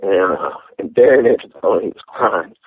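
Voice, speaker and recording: A man, telling a personal testimony in an interview, halting and heartfelt, with many fillers. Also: low-pitched, husky, no room sound. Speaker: interview guest. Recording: tinny phone-like sound.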